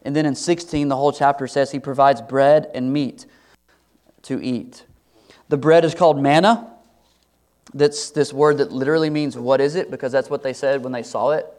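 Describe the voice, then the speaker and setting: A man's voice: mid-range voice, steady tone, normal speed, darkish tone. A man preaching a sermon as pastor, earnest and conversational, asking the congregation rhetorical questions.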